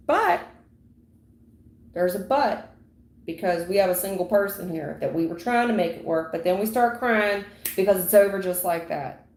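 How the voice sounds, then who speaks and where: A woman giving a livestream tarot reading in a dramatic, repetitive way, acting out sudden endings with loud exclamations. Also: on the low side. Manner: dramatic, repetitive, full of sound effects. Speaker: tarot reader. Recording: echoey room.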